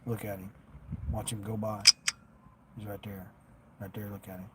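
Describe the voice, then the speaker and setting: A man's voice: lowish voice, flat delivery, moderate pace, heavy background noise. A man streaming live while doing delivery driving, chatting in a rambling, folksy way and turning down orders aloud. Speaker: delivery driver livestreamer.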